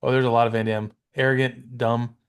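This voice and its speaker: A man's voice: mid-range voice, flat delivery, a little fast, clear, resonant tone. A man co-hosting a podcast, chatting casually about comics and wandering through his points. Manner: rambling, with many fillers and restarts. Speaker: podcast co-host.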